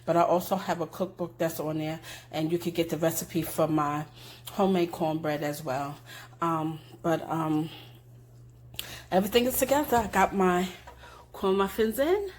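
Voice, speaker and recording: Older woman, lower voice, homey cooking-show host chatting from her kitchen, faint noise behind. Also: rough recording. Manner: chatty and homey, with blessings and sign-offs. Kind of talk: casual cooking demonstration. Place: home kitchen.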